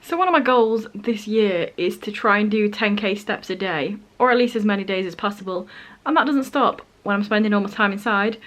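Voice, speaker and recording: A woman's voice: mid-range voice, brisk, a bit bright, faint music behind. A young woman chatting casually at home for her vlog, with dry, self-mocking humour. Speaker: vlogger. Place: at home, indoors.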